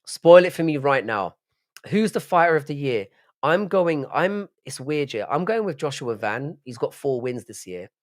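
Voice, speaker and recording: A UK livestreamer with a slightly high voice sounds very animated while talking at a moderate pace. During his casual late-night stream, he rambles, swears often, and answers chat aloud.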